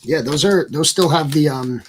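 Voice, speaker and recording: A man with a Long Island accent co-hosting a livestream, answering with dry, deadpan, stubborn remarks. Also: on the high side, normal speed, slight background noise. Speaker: stream co-host. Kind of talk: casual livestream banter.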